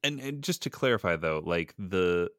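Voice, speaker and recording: A man hosting a podcast interview, asking halting questions full of restarts and giving frequent affirmations. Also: low-pitched, animated, fairly bright tone, no room sound, clean studio sound. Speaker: podcast host. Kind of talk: casual interview.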